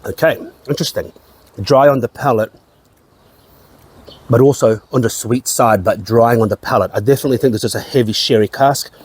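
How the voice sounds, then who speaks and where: A man's voice: mid-range voice, brisk, a little mellow, slightly rough, no room sound. A man reviewing whisky in a casual chat, rambling, repeating his phrases and swearing now and then. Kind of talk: casual tasting-note chat.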